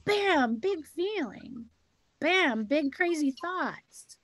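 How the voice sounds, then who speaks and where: Brief: woman co-host, rather high voice, storytelling with emphatic repetition. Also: animated, very slow, a bit bright, no room sound, rough recording. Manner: storytelling, emphatic, repeats key words. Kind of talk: casual heart-to-heart chat.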